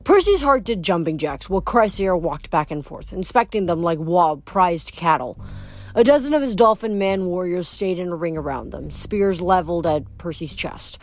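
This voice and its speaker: A woman reading a novel aloud, adding chatty, musing comments between chapters. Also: fairly low pitch. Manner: chatty, musing, halting asides. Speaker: reader. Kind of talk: casual book reading with commentary.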